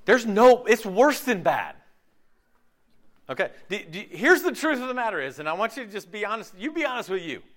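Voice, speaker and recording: A man's voice: high voice, very animated, brisk, fairly bright tone. A man preaching a sermon in a casual, conversational way, peppering his points with rhetorical questions and acting out quoted voices. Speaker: pastor.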